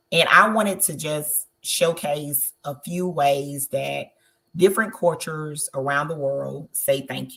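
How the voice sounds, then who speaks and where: A woman's voice: low voice, gravelly, a bit bright. A woman from Southern Georgia with a Southern country accent, giving travel tips in an encouraging webinar talk and checking in often. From Southern Georgia, USA. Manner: encouraging, checks in with "okay?" again and again. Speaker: travel host.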